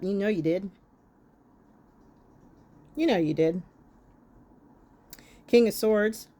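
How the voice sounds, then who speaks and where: A woman's voice: medium pitch, slow, long pauses, mellow. A woman doing a tarot reading monologue, talking bluntly and scolding her listeners with plenty of profanity. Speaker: tarot reader.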